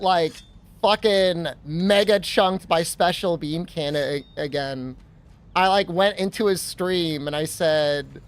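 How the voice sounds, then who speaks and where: A man's voice: high voice, a bit bright, clean tone. A man livestreaming, telling a rambling, self-deprecating story in casual chatter.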